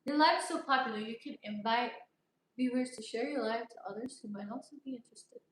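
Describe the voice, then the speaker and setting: A woman's voice: fairly high pitch, fast, slight background noise. A woman from Armenia hosting a casual livestream, chatty and playful, reading viewer comments and sometimes slipping into a sing-song voice. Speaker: livestream host. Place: outdoors near her home at dusk. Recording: echoey, a little far from the mic.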